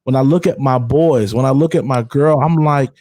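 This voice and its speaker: A man's voice: mid-range voice, moderate pace, darkish tone, dry recording. A man hosting a podcast in casual conversation, talking candidly and emphatically with slang and repeated words. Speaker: podcast host.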